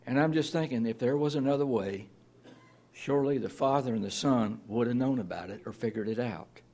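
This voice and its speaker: A man's voice: mid-range voice, a little fast, warm tone, a little hiss or hum. A man preaching a sermon as pastor, plain-spoken and earnest, reading scripture aloud.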